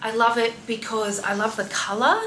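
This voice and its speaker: With a voice on the high side, pushed and bright, this Australian fashion-vlogging mom in her thirties talks at normal speed with fairly even intonation. Her casual confessional chat is heartfelt and full of fillers. A little hiss or hum sits under roomy echo and faint ambience, recorded on a distant mic.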